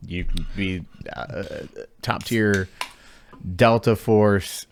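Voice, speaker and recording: A male podcast host with a very low voice who chats in a relaxed way. He comes in with short, easygoing remarks. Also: extremely slow, a little hiss or hum. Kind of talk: casual chat.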